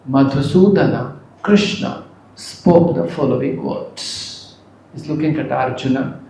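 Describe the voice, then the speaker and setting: A man's voice: mid-range voice, takes it slowly, gravelly, a little mellow, reverberant, slight background noise, low-quality recording. A man, giving a scripture lecture, chanting verses and then explaining them with emphatic bursts. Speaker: preacher.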